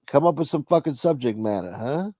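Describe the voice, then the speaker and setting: A man's voice: medium pitch, lively intonation, a little fast, mellow, dry recording. A man hosting a live stream, chatting casually with viewers and telling a rambling, profane story.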